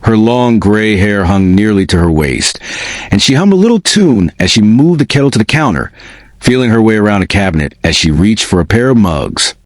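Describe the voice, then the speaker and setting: A man with a fairly low voice reads a first-person spooky tale aloud. His delivery is expressive and lively in pitch, and the recording is close and dry. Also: normal speed, no room sound. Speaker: narrator. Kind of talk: first-person storybook narration.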